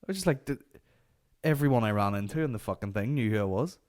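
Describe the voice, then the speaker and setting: A man with a fairly low voice hosts a comedy podcast. He tells loose, rambling anecdotes peppered with swearing, in the casual flow of comic storytelling. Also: animated, very fast, darkish tone. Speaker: podcast host.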